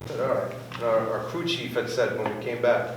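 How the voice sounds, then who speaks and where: A club member with a steady, medium-pitched voice tells a casual racing story fairly quickly, voicing quotes and sound effects, while music plays in the background. The recording is very echoey, with his voice distant from the mic and faint noise present.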